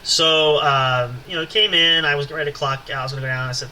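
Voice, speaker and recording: A man's voice: medium pitch, fast talker, few pauses, bright, forceful tone, slight background noise, poor audio. A man hosting a podcast, telling a long anecdote in a rambling, casual way with many fillers and asides. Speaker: podcast host. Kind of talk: casual storytelling.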